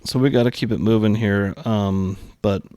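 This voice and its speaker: A man with a low voice co-hosts a casual podcast. He recaps a TV episode in a chatty way, dropping plenty of ums, and the recording is dry and close. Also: fairly even intonation, moderate pace, mellow, no room sound. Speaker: podcast co-host. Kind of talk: casual chat.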